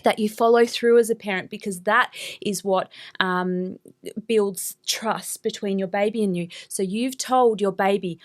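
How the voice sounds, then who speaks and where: A woman co-hosting a casual podcast, agreeable and chatty, with many short affirmations and some halting restarts. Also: mid-range voice. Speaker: podcast co-host.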